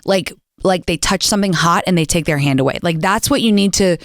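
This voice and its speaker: A young woman hosts a call-in show, talking bluntly and getting heated as she gives advice. Her voice sits a little low for a woman. The sound is dry and close, with no room around it. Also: a little fast, no room sound. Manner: blunt, animated, swears freely. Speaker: podcast host taking calls. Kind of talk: casual advice chat.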